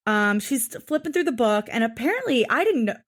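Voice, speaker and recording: Young female podcast co-host with a higher voice, ranting casually and swearing freely. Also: big pitch swings, brisk. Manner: exasperated, profane ranting. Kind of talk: casual recap chat.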